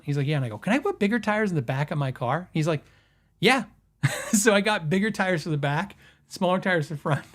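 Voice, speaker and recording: Animated middle-aged man telling stories. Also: a little high, quick pace, vocal fry. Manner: rambling, animated anecdotes with laughs and quoted dialogue. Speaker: podcast host. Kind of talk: casual storytelling.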